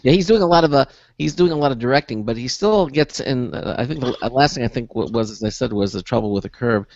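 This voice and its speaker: Gravelly, halting radio host. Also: male voice, mid-range voice, darkish tone, dry recording, highs cut off. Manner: halting, full of uhs and restarts. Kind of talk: casual radio chat.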